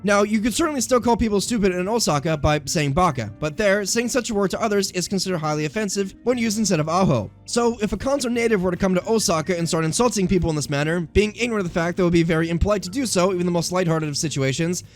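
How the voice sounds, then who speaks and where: A man hosting a video essay, narrating a script in a brisk, emphatic way. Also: high voice, soft background music.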